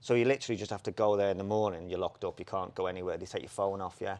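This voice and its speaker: A man, a former jockey co-hosting a podcast, telling racing anecdotes in a lively, casual way. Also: sits low, racing. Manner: animated anecdotes, laughs, quotes people in put-on voices. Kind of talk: casual storytelling chat.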